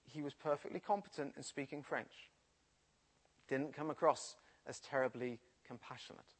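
A man's voice: mid-range voice, moderate pace, breathy edge. A man from the English Midlands with a Midlands accent, preaching and telling a personal story from his school days. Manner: storytelling, animated retelling.

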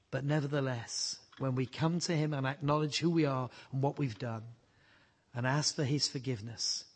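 A man's voice: medium pitch, slightly rough. A man preaching a sermon, telling stories earnestly and building to fervent emphasis. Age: adult.

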